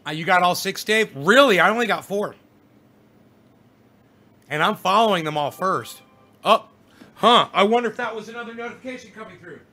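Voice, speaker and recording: A man's voice: sits high, animated, normal speed, long pauses, sharp tone. A middle-aged man hosting a casual livestream, reading viewer comments aloud and lecturing them in a rambling, profane way. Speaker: live streamer reading chat.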